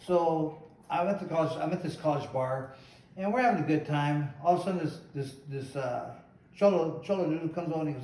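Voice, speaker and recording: A man's voice: on the high side, lively intonation, fast, mellow. Rambling middle-aged man in an echoey room. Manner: rambling, acts out quotes. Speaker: host, former boxer. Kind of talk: casual storytelling chat. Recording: echoey room, mic at a distance.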